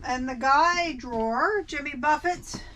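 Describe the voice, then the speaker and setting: A woman's voice: sits high, a little slow, pushed and bright, a little hiss or hum, low-quality recording. A woman co-hosting a reseller video, reading out each sale in a matter-of-fact, casual way. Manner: matter-of-fact, reads off sales. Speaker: reseller co-host. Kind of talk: casual chat.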